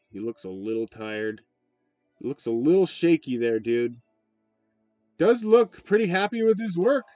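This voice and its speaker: A man's voice: medium pitch, a little mellow, no room sound. A man hosting his channel, rambling and swearing in casual commentary, restarting often and leaning on fillers. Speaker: channel host. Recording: dull lo-fi sound, dry, faint music.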